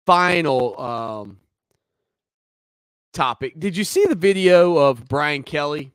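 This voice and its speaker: A man's voice: fairly high pitch, no room sound, clean studio sound. A man hosting a sports talk radio show, talking through the news in a conversational, opinionated way with teasing asides.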